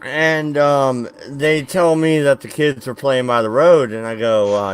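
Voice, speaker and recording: A man's voice: medium pitch, fairly even intonation, measured pace, hardly any pauses, clear, resonant tone. Man rambling through a story. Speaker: podcast co-host. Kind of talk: casual chat.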